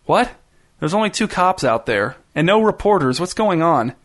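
A man's voice: fairly high pitch, sing-song, moderate pace, fairly bright tone, voice pushed up. A man voicing a mop-haired young slacker, brash and dismissive, in a storybook reading.

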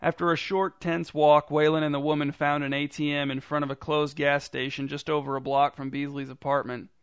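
A man reading a story aloud in a dry, deadpan narrating manner. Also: fairly high pitch, a little fast, clear, resonant tone, dry recording. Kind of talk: scripted narration.

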